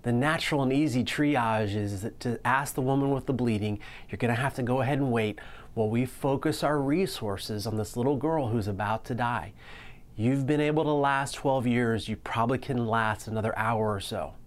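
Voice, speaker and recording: A man preaching a sermon in an earnest way, slowing down to stress key lines. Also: mid-range voice. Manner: earnest preaching, slows down for emphasis. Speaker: pastor.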